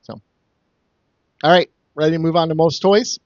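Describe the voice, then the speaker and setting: A man with a somewhat high voice, chatting loosely on a podcast and acting out characters in throwaway mock voices. The sound is dull and lo-fi, with a dry, close feel. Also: steady tone, a little slow, darkish tone, clean tone, no echo. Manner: rambling, jokey recaps with mock quoted voices. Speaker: podcast co-host summing up episodes. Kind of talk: casual podcast chat.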